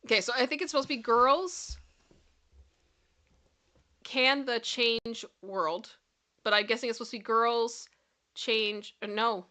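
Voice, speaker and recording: A woman's voice: fairly high pitch, fairly even intonation, unhurried, long pauses, sharp tone. A woman hosting a casual pop culture chat stream, reading viewer comments aloud, laughing often and singing bits of songs. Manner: giggly, breaks into frequent laughter and sung snippets.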